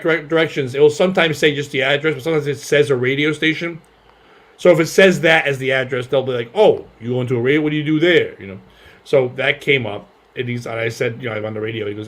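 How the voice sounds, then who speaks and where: A male comedian and podcast host telling a story in casual banter and acting out the people in it. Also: medium pitch. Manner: animated, acts out other voices loudly.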